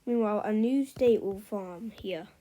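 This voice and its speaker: A woman's voice: mid-range voice, unhurried, warm tone, low-quality recording. A woman casually narrating a map scenario, rambling with lots of fillers and offhand remarks. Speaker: map video creator. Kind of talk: casual commentary over a map.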